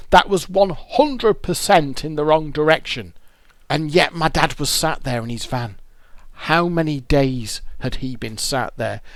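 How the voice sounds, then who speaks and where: Speaking in a voice on the high side, a vlogger recounts his own confessional story to the camera by a roadside, outdoors. The audio has no echo, and his telling is raw, full of swearing and stumbles over repeated words.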